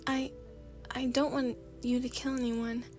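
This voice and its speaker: A woman's voice: high-pitched, level tone, measured pace, a little mellow, faint music behind. A woman voicing a teenage girl who tries to sound tough but wavers, in an ASMR story reading. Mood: pleading. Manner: wavering, pleading.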